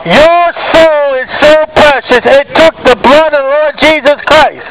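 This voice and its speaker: A man preaching loudly on the street at a market, fervent and arguing with passersby. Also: very high voice, measured pace, noisy background. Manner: shouting, fervent, argues with passersby. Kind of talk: loud open-air preaching. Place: outdoors at a market.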